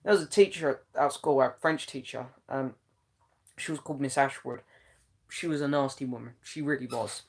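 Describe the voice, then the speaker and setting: A man's voice: medium pitch, normal speed, vocal fry. A young man hosting a casual live chat, reading out viewers' comments in a chatty, meandering way with many ums. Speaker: live-stream host.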